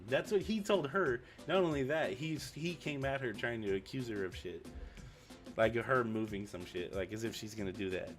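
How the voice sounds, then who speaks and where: A young man vents in a loose, profane, storytelling ramble. His voice sits at a middle pitch and jumps up whenever he mimics someone else. Faint music plays softly underneath. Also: normal speed. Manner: ranting, profane, quotes people with raised pitch. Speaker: streamer. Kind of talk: casual venting story.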